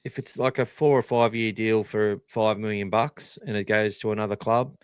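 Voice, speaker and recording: A man's voice: on the low side, normal speed, clear, resonant tone, no room sound. Blunt Australian man, dry sound. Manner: blunt, sweary, animated opinions. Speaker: podcast host. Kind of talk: casual live podcast chat.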